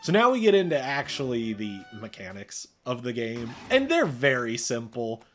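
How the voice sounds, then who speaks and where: A woman's voice: very deep voice, sing-song, normal speed, faint music behind. A woman playing a game aloud and voicing its lines, giggly and joking. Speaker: game streamer voicing the dialogue. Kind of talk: voiced let's play.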